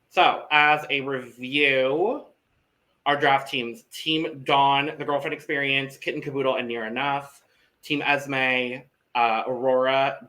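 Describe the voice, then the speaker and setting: Slow, bright-voiced male podcast co-host. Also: medium pitch. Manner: measured, list-reading delivery. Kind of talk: casual podcast chat.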